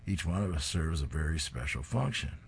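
An earnest ten-year-old boy, read aloud by a man explains things sincerely. The voice stays deep and close to a plain reading. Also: lively intonation, a little fast, vocal fry, a little hiss or hum, exaggerated voice.

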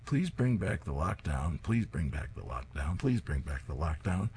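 A man reading the lines of a grumpy male cartoon rat in a flat, repeating plea. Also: a bass voice, normal speed, full character voice. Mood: weary. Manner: flat repetitive pleading.

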